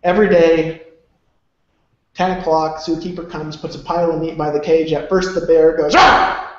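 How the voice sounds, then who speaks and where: A man with a fairly high, mellow voice speaks at normal speed with a flat delivery. As a motivational speaker, he rambles emphatically and uses salty language, and the recording is very echoey and lo-fi dull.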